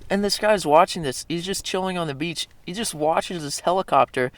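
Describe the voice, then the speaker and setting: A man's voice: a little high, fairly quick. A young man telling a story in a casual, rambling monologue, swearing a lot and correcting himself as he goes. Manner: profane, rambling, with frequent fillers and self-corrections. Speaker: video creator.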